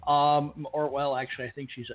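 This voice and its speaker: A man's voice: on the high side, little pitch movement, brisk. Man with a thin phone-line sound. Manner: rambling, reassuring, joking. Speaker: podcast co-host. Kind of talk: casual radio chat. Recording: phone-like lo-fi sound with faint music.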